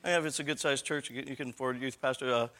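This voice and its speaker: A man's voice: mid-range voice, fairly even intonation, rapid-fire, sharp tone. A man giving a live conference talk on church leadership, lecturing conversationally with rhetorical questions and frequent self-corrections.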